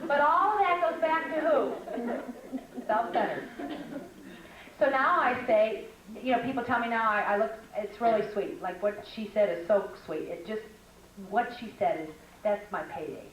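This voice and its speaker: A middle-aged woman giving a lively spoken lecture at a Christian women's conference, telling stories and acting out what other people said. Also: fairly high pitch, normal speed, highs cut off. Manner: animated, storytelling, acts out quoted voices. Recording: echoey hall from a distance with background noise.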